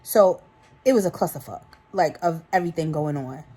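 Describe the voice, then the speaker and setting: A woman in her thirties talks straight to her viewers with a New York accent, chatty and animated. Her voice sits a little low for a woman. She sounds loose and a bit tipsy, calling the audience y'all as she rambles through her thoughts. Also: moderate pace, husky. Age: 30s. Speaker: vlogger. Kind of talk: casual chat to camera.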